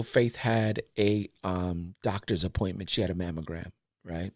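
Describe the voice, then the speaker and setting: A man's voice: mid-range voice, moderate pace, no echo, clean studio sound. A man co-hosting a podcast, telling a personal story in casual chat with easy slang and an earnest tone. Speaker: podcast co-host.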